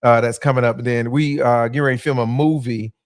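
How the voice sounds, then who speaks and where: A man chats on a podcast in a loose, joking way, his words full of fillers and restarts. His voice sits at a middle pitch. The sound is dry and close to the mic. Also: fairly even intonation, fast, no room sound. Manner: laid-back, joking, with frequent fillers and restarts. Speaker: comedian guest. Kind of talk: casual podcast chat.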